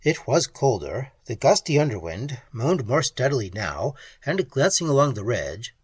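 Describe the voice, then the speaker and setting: A man narrates a story aloud in an expressive, unhurried way. His voice is husky and swings widely in pitch. The recording is dry and close. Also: dry recording. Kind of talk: audiobook narration.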